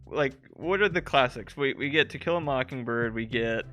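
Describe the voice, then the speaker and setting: A man's voice: mid-range voice, moderate pace, pushed and bright, faint music behind. A man chatting casually with friends on a game stream, joking and laughing often. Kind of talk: casual chat while playing a game.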